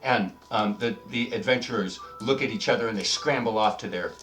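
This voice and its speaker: A man's voice: fairly low pitch, brisk, fairly bright tone, distant mic. A man narrating a tabletop game as dungeon master, rambling with lots of fillers. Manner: rambling, filler-heavy, chuckling. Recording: roomy, off-mic, faint music behind.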